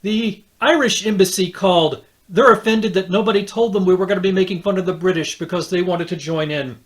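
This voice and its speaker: A man's voice: high-pitched, a little fast. A man playing an exasperated boss, lecturing his staff in a scripted comedy rant. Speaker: boss scolding the cast.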